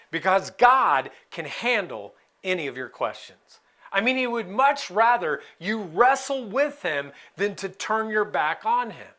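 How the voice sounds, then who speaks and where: A man delivers a sermon in an easygoing, expressive way, breaking in with playful asides. His voice sits fairly high and bright and swings widely in pitch. He takes his time, letting the words land. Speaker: pastor.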